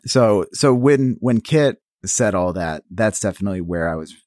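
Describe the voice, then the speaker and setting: A man's voice: fairly low pitch, expressive, normal speed, darkish tone, no echo, studio quality. A man co-hosting a podcast in casual recap chat, hesitant, with many restarts and fillers. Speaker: podcast co-host.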